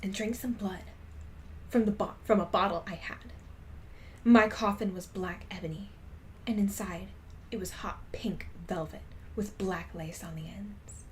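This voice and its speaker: A young woman streamer reading a story aloud in a soft, half-whispered voice, with loud outbursts of commentary. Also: mid-range voice, slight background noise.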